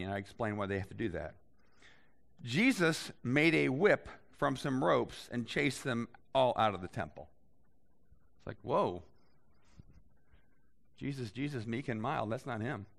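A man preaching a sermon in a conversational way, reading scripture aloud and adding lively asides to his listeners. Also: medium pitch, vocal fry. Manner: conversational, animated Bible reading with voiced asides. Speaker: pastor.

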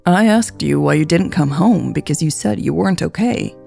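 A woman voicing a frank, caring young woman who teases her sister and presses her gently. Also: sits low, lively intonation, moderate pace, creaky, slightly rough, soft background music, full character voice. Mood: insistent. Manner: teasing, frank, gently insistent.

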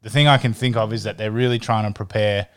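A man's voice: lowish voice, steady tone, fast, smooth. A man co-hosting a sports podcast, chatting casually and often repeating words as he thinks. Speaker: podcast co-host.

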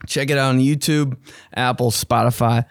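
A young man hosting a casual podcast monologue, excitable and slangy, swearing freely and often jumping into high mocking voices. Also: moderate pace, dry recording, clean studio sound. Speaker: podcast host.

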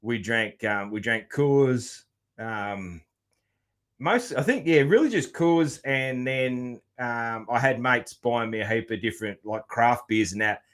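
A man's voice: medium pitch, takes it slowly, a bit bright. A man with an Australian accent hosting a casual podcast chat, laid-back and loose-tongued, swearing casually and padding his talk with fillers. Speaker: podcast host.

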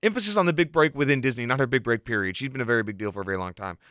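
A man hosting a casual podcast, chatting and reading out news in an animated way, with plenty of "like". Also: medium pitch, racing, clean tone, no echo, clean studio sound. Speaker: podcast host.

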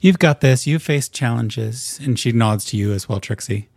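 A man voicing a gentle middle-aged mother who talks softly and encouragingly, with hesitant pauses. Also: mid-range voice, vocal fry, dry recording, clean studio sound. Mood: reassuring.

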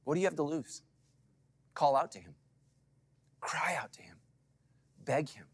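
A man's voice: fairly high pitch, expressive, unhurried, breathy edge. Dynamic preaching man. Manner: dramatic swings from loud calls to hushed asides; preaching to a live congregation with call-and-response. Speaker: pastor. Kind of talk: sermon.

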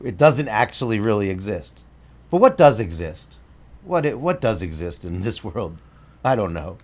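A man's voice: lowish voice, very animated, normal speed. A man co-hosting a podcast in casual chat, making blunt, dismissive remarks and moving the show through its segments. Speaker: podcast co-host.

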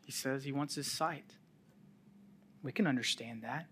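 A man preaching a sermon, telling a scripture story with sudden drops to a near-whisper and rises to loud calls, with chuckling asides. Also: mid-range voice, unhurried, slight background noise. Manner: chuckles while making light asides.

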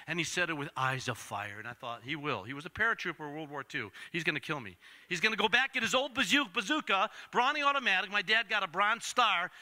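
An older man preaching a storytelling sermon, swinging from loud acted-out voices to hushed asides. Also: high voice, expressive, fast talker. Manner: dramatic swings from loud to whispered.

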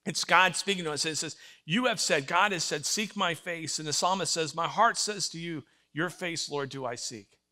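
A man's voice: fairly high pitch, moderate pace, few pauses. An older man preaching a sermon, telling stories with emphasis and acting out voices. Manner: animated storytelling, acts out voices, emphatic. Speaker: pastor.

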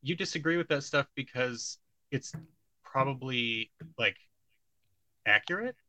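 A man's voice: medium pitch, animated, a little slow, bright, forceful tone, low-quality recording. A man co-hosting a casual podcast, rambling and opinionated, with many fillers and restarts. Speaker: podcast co-host. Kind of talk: casual pop-culture discussion.

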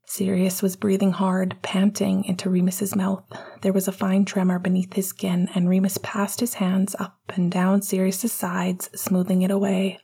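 A woman reading a romance chapter aloud in a hushed, intimate whisper. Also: medium pitch, monotone, normal speed, vocal fry, breathy edge. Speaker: audiobook narrator. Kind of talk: whispered narration.

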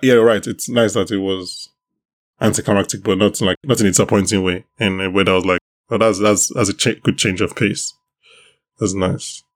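A man's voice: deep voice, steady tone, normal speed. A man hosting a podcast, chatting casually and rambling, with many restarts. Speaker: podcast host. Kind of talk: casual chat about a TV show.

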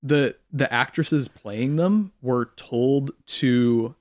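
A man co-hosting a podcast in casual chat, relaxed and opinionated, with frequent "um"s. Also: medium pitch, very slow. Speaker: podcast co-host.

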